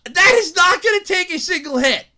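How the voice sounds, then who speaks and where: Podcast host, solo rant, bright forceful tone, swearing, laughing, exasperated. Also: extremely high pitch, animated, moderate pace. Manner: rambling, swearing, laughing often; exasperated, rising to shouts when worked up.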